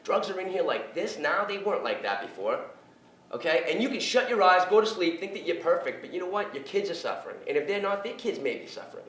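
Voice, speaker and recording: A man giving an animated, blunt recovery talk in a lecture room, joking and swearing as he goes. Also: high voice, quick pace. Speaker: guest speaker on addiction recovery. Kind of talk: informal public talk. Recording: echoey room, distant mic, faint noise.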